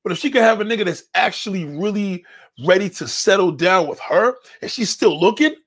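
A man's voice: high voice, animated, fairly quick, breathy edge. A man hosting a show, reading viewer comments and answering them in a blunt, confrontational rant full of swearing. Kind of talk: profane ranting commentary.

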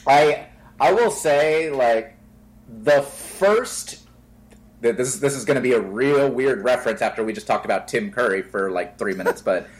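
An animated man co-hosting a podcast, playful and quick to tease. He talks in a loose, conversational way, breaking into voices now and then. His voice sits in a middle pitch. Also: rough recording. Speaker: podcast co-host. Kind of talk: casual chat.

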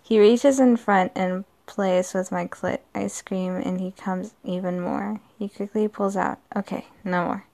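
A woman's voice: medium pitch, fairly even intonation, a little slow, creaky, hardly any pauses, warm tone. A woman narrating a first-person story in a plain reading voice, stumbling and correcting herself often. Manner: plain reading with frequent slips and restarts. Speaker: story reader.

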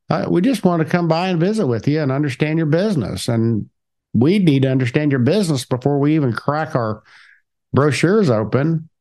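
A man's voice: mid-range voice, moderate pace. A middle-aged man co-hosting a casual chat, telling sales stories and acting out both sides of the talk. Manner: animated, acts out both sides of his stories. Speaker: podcast co-host.

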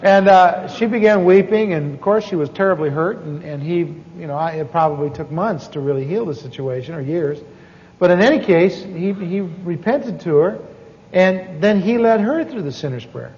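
Higher-voiced man preaching in a reverberant hall. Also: animated, moderate pace, a little mellow. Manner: folksy, self-deprecating, with asides and restarts. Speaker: preacher teaching on evangelism. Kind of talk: sermon storytelling. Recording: dull sound with long hall reverb.

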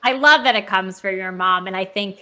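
A woman's voice: mid-range voice, brisk, pushed and bright, a little hiss or hum. A woman co-hosting a casual podcast, chatty and upbeat, laughing often. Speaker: podcast co-host.

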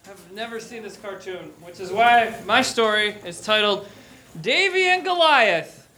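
High, bright-voiced man reading a comic story. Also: steady tone, normal speed. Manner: mock-dramatic narration with sheepish asides. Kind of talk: comic reading to a live audience. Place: comedy theater stage.

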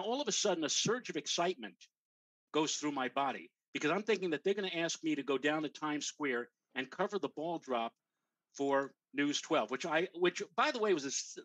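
Older guy spinning a tv story, bright high voice, dry close sound. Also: dry recording, rough recording. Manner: animated anecdote teller, acts out quoted voices. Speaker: weather show host. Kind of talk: casual storytelling chat.

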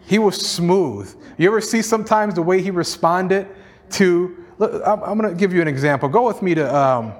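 A man's voice: high voice, moderate pace. A male pastor preaching a sermon in an emphatic, repetitive style, sprinkled with "you know" and small chuckles.

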